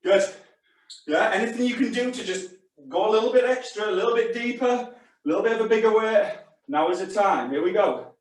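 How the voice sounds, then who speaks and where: Calling short exercise cues in a brisk, high-pitched voice, a man leads a live fitness class with chatty encouragement. He's picked up on a distant mic in a very echoey room.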